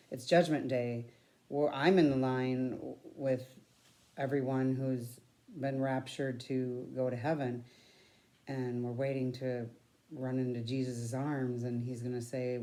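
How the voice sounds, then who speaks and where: A woman's voice: rumbling low, dark tone. A woman giving a personal faith testimony in an earnest, reflective, conversational way. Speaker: church member giving a testimony.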